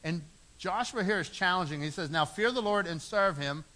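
A man's voice: high voice, normal speed, bright, forceful tone. A middle-aged man preaching a sermon, earnest, repeating phrases for emphasis. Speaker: pastor.

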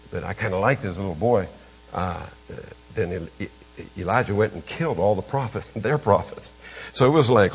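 Husky older preacher. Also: male voice. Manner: emphatic, with sudden leaps in pitch and volume. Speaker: pastor. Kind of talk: storytelling sermon.

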